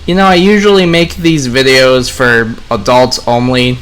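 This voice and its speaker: A young man chats loosely to his audience while he plays, drifting between the game and his thoughts. His voice is bright and forward, with a middle pitch. He rambles in a relaxed, conversational way. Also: normal speed, clear, resonant tone. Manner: relaxed, rambling, talks to viewers. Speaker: gaming vlogger. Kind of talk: casual commentary while playing.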